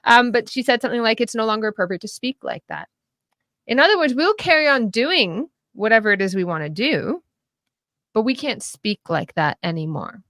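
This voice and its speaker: A woman talking casually about politics as a podcast guest, animated and laughing often, with frequent restarts. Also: a little high, a little fast, no room sound, clean studio sound.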